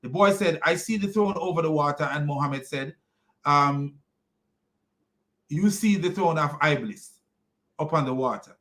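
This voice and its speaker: A man giving religious commentary, retelling a story slowly and deliberately, building emphasis as he goes. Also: fairly high pitch, fairly bright tone. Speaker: online commentator.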